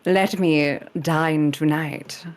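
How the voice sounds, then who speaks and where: A woman's voice: deep voice, steady tone, very slow. A woman putting on a showy, prim mock-posh lady in a put-on Hollywood English accent, drawing her words out with self-mocking grandeur.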